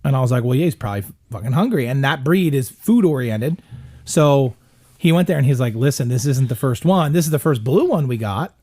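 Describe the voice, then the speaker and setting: A man's voice: medium pitch, expressive, moderate pace, darkish tone. A middle-aged man telling a long, rambling story in casual chat, swearing often. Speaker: podcast guest.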